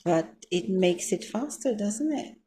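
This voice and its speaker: A woman's voice: mid-range voice, lively intonation, a little slow, mellow. A woman with a Czech accent, a non-native English speaker, chatting thoughtfully and searching for words. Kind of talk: casual chat.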